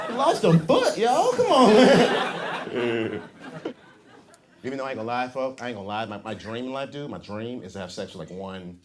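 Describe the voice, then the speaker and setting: A man's voice: mid-range voice, very animated, normal speed, long pauses. A man doing a loose, profane stand-up set on a comedy club stage. He laughs at his own jokes and riffs with the crowd between bits. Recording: live club taping with crowd laughter and room noise.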